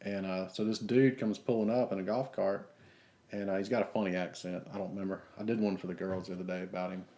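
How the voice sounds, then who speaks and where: A man's voice: low-pitched, fairly even intonation, fast, dark tone. A man co-hosting a podcast, telling rambling anecdotes and acting out the quotes. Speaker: podcast co-host. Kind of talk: casual storytelling chat.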